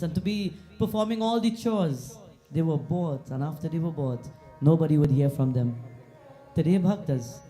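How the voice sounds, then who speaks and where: A man's voice: sits high, mellow. A Trinidadian man preaching a sermon as a pundit in a temple, telling a story in short repeated phrases and acting out the quoted voices.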